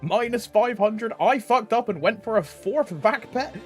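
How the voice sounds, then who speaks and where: A young man streams live with game music faint behind him. His voice sits high and swings widely in pitch, and he greets chat by name, laughing often and full of slang. He keeps an unhurried pace. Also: animated.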